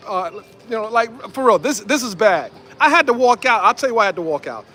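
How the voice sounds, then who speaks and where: A man giving excited street commentary outdoors, repeating himself and calling out to viewers as ladies and gentlemen. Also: high-pitched, fairly quick. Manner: animated, repetitive, addresses viewers as ladies and gentlemen. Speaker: independent commentator.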